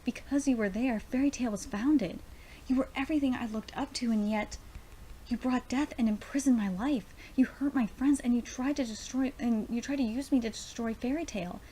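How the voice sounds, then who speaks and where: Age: young. Figure: a grieving young girl who founded a guild, torn between love and hate, read aloud by a woman. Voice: mellow and fairly high. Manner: pleading, then bitterly rejecting. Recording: faint background hiss. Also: moderate pace, lightly acted. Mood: torn, tender.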